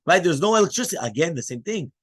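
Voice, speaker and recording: A man, a rabbi, giving a lively Torah class in English mixed with Hebrew terms. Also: on the high side, racing, husky. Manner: animated teaching, mixing English with Hebrew terms.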